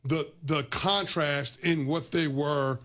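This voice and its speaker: A man arguing basketball on a sports radio show in a studio, animated, often restarting his sentences. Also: a little high, takes it slowly. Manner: animated argument with stammered restarts.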